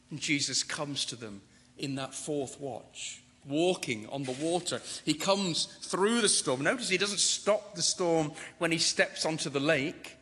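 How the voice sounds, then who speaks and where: A man's voice: on the high side, sharp tone. A man preaching a sermon, dramatic and rising to emphatic declarations. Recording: long reverb of a large hall.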